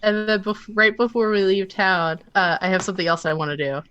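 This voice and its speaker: A woman's voice: mid-range voice, fairly even intonation, fairly quick, a bit bright, clean tone, no room sound, muffled recording. A woman playing in a tabletop game, chatty and laughing, with many fillers. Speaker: player. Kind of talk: casual tabletop play.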